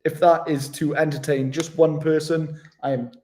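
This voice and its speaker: A man's voice: a little high, flat delivery, normal speed, hardly any pauses, very noisy. A young Welsh man with a Welsh accent, chatting casually with viewers on a travel vlog livestream, laid-back and slangy, often laughing. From Wales. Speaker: travel vlogger. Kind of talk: casual livestream chat reading comments.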